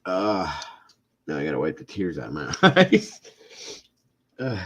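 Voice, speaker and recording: A man's voice: low voice, huge pitch swings, measured pace, vocal fry, a bit bright, slightly rough. A middle-aged man hosting a casual live stream, chatting with viewers and often breaking into laughing fits. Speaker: livestream host chatting with viewers.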